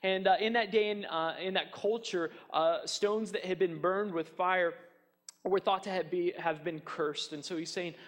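A man preaching a sermon, animated and chatty, acting out taunts with fillers and restarts. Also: high voice, moderate pace, big-room sound. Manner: animated, mocks enemies' taunts in a raised voice. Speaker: pastor.

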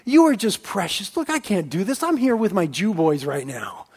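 A gentle, tender man talks in a hushed, lowered voice, all affection, as a preacher puts him on. His tone stays soft and quiet throughout. The voice sits a little higher than most men's. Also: wildly swooping pitch, moderate pace, slightly rough, exaggerated voice.

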